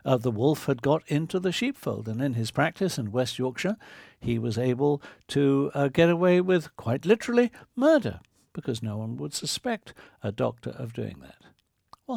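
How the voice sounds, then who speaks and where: A man's voice: medium pitch, very animated, moderate pace, vocal fry, a little mellow, breathy edge, no room sound, studio quality. A man preaching a sermon, earnest and driving his point home with vivid hypothetical scenarios.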